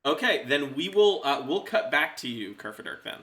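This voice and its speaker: A man's voice: on the high side, sing-song, normal speed, a bit bright. A man running a tabletop role-playing game as game master, chatty and loose, laughing often.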